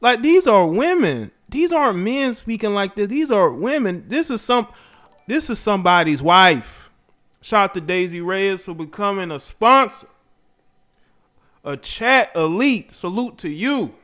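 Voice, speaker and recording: Man, somewhat high voice, argumentative livestream host. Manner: shouts out viewers, argumentative. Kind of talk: reaction commentary.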